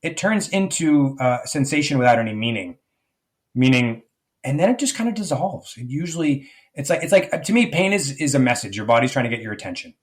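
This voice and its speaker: A man's voice: mid-range voice, sing-song, brisk. A man speaking as a life coach guest in a podcast interview, reflective and rambling, with many fillers and restarts.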